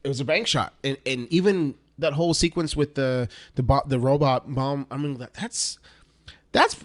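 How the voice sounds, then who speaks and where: A man's voice: medium pitch, normal speed. A man on a podcast panel chatting casually about a movie, enthusiastic and repeating himself for emphasis. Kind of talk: casual movie-review chat.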